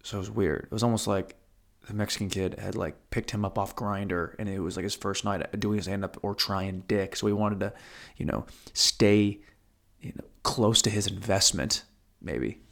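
A man's voice: fairly low pitch, steady tone, normal speed, creaky, a bit bright. Male stand-up, storytelling; foul-mouthed, digressive, self-mocking. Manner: profane, rambling, self-deprecating. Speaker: stand-up comedian.

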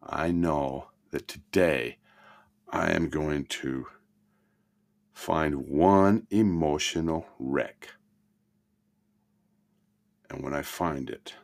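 Deep-voiced man giving an expressive motivational talk. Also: extremely slow, creaky, pauses often. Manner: expressive, swings between loud emphasis and soft murmurs. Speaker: self-help teacher.

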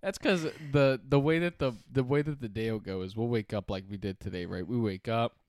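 Dude cohosting a podcast, jokey, swears a lot, laughs a ton, dry sound, no room. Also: male voice, medium pitch, brisk, a little mellow, no room sound. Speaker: podcast co-host. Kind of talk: casual chat.

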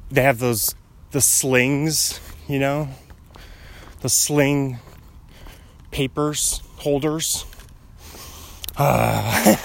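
A young man thinks aloud on a morning walk outdoors and drifts from one idea to the next with easy chuckles. His voice swoops up and down, yet he talks at a slow, unhurried pace. It sounds like a relaxed, handheld street vlog. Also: mid-range voice. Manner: wandering, musing, chuckles often. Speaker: vlogger. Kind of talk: casual rambling monologue. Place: outdoors on a residential street, walking.

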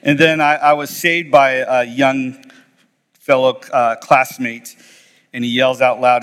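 A man's voice: medium pitch, little pitch movement, unhurried, a bit bright, smooth, long reverb tail. A middle-aged man preaching a sermon as pastor, telling a story conversationally and reading scripture aloud. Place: church.

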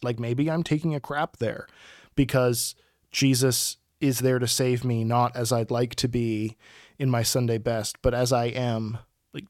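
A man's voice: mid-range voice, no echo, clean studio sound. Enthusiastic rambling podcast man. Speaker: podcast co-host. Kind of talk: casual chat.

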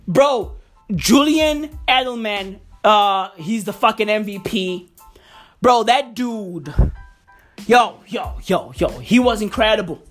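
High-voiced, excitable swearing man. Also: unhurried, faint music behind. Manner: excitable, swears constantly, repeats words and says bro a lot. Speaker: vlogger and football fan. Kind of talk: casual profane rant to camera.

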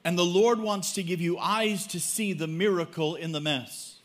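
Male preacher, slightly high voice, joking storyteller, pausing line by line. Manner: humorous storytelling, pauses for interpreter. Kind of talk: sermon with live interpretation.

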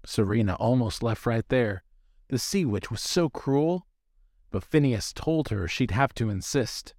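A man narrating a rhyming story in a measured, unhurried way. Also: medium pitch, expressive, darkish tone, no echo, clean studio sound.

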